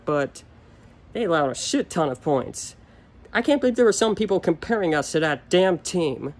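A young man in a solo rant, upset and frustrated, his voice sitting a little high. He repeats himself and swears as he vents. The talk is off the cuff, a casual video to the camera. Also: a little mellow. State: upset and furious. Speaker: sports fan ranting on video.

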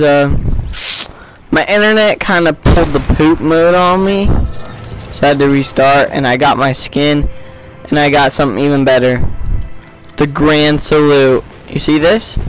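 A young man giving casual, jokey commentary while playing a video game, breaking into excited yelps. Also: on the high side, unhurried, faint music behind, rough recording. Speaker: gaming video creator.

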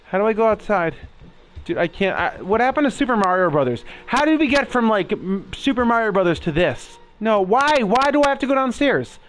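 In a high voice with big pitch swings and a slightly fast delivery, a young gaming host reacts in fear to a horror game. He swears, jumps and keeps talking to his viewers.

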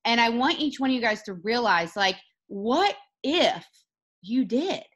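A woman hosting a video call, giving an energetic, emphatic motivational talk to her team. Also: on the high side, a little slow. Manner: energetic and emphatic, rising to excited peaks.

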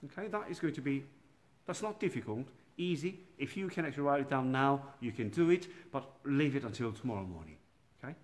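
A man, a priest, giving an informal night prayer talk in a gentle, halting way, with many pauses and restarts, recorded without a proper microphone. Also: mid-range voice, lively intonation. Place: dark church room by candlelight. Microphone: no external microphone, built-in device mic. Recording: poor sound quality without microphone.

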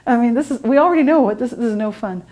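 A woman of middle age, speaking to a conference audience in an animated, storytelling way. She laughs often and acts out her own inner voice. Her voice sits a little high but sounds soft and mellow. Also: fast talker. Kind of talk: storytelling presentation. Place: conference room.

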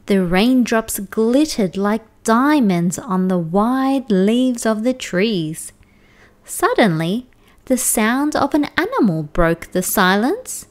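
Slow, expressive Australian storyteller woman. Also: fairly high pitch. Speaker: storytime reader. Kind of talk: children's picture book read-aloud.

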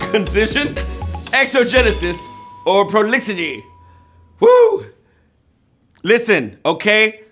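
Male quiz show host, playful and jokey, pitched a little high, bouncing all over, faint music behind. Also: expressive, a little slow. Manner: playful, joking, with loud whoops. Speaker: trivia game show host. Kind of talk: live quiz show hosting.

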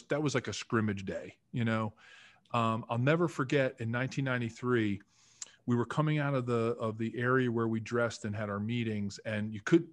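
A former football lineman in his fifties from the Philadelphia area in the United States guests on a podcast for a casual storytelling interview. His mid-range voice is recorded with no room sound, and he's chatty and animated, acting out quotes and using lots of fillers.

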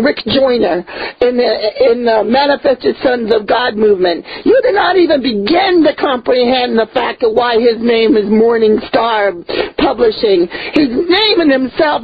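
A woman preaches a fiery sermon of rebuke, her fairly high voice husky and breaking with tears as she repeats words for emphasis. The recording sounds dull and lo-fi. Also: no echo. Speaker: prophet and ministry leader.

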